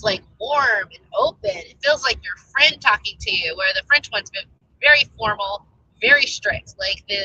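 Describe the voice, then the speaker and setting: A woman's voice: medium pitch, bright, forceful tone, muffled recording, slight background noise. An American woman talking casually as a travel vlogger, rambling and chatty with many fillers. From United States. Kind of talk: casual chat.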